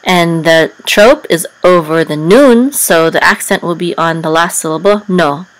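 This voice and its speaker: Woman teacher, unhurried and patient, low-pitched, breaks into chant. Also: rough recording. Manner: patient, step-by-step, many ums, breaks into sung trope. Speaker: Hebrew and Torah chanting teacher. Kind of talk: slow explanatory lesson with chanted examples.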